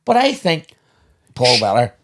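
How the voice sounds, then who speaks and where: A man's voice: mid-range voice, huge pitch swings, measured pace, fairly bright tone. A man co-hosting a podcast, telling rambling anecdotes in casual chat and swearing freely. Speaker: podcast co-host, father.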